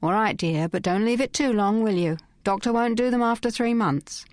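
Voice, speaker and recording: A woman's voice: mid-range voice, normal speed, darkish tone, dry recording, clean studio sound, voice pushed up. A woman voicing an older woman on the telephone who sounds sympathetic and then businesslike, calling the caller dear. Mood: smooth, brisk. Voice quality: syrupy, businesslike. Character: older woman abortionist on the phone, falsely sweet.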